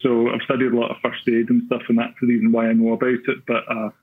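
Glaswegian guest storyteller, husky, tinny phone-like line, rambling and self-deprecating. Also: male voice, mid-range voice, completely flat delivery, fast talker. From Scotland. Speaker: podcaster guest. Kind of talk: casual storytelling.

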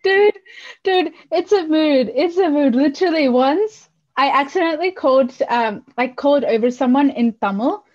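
A woman talks as a podcast guest in an animated, giggly way. Her voice is high and she uses "like" constantly. The recording sounds dull and lo-fi. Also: moderate pace. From Australia. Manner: animated and giggly, heavy use of "like". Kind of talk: casual podcast chat.

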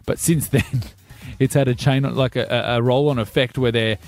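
A man's voice: medium pitch, fairly even intonation, normal speed, darkish tone, faint music behind. A man co-hosting a breakfast radio show, telling stories in a chatty way and laughing often. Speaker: radio co-host. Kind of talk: casual breakfast radio banter.

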